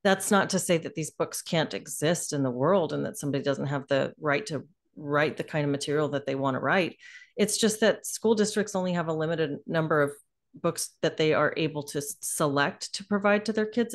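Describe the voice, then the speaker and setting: Woman host, very low pitch, thoughtful halting questions. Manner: thoughtful, halting, restarts phrases. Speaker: podcast host. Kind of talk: interview questions.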